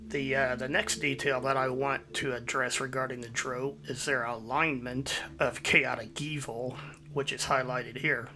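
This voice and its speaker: A man hosting his own video, giving a measured, explanatory voice-over. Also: mid-range voice, flat delivery, bright, forceful tone. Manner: measured, explanatory, citing sources. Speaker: YouTube host.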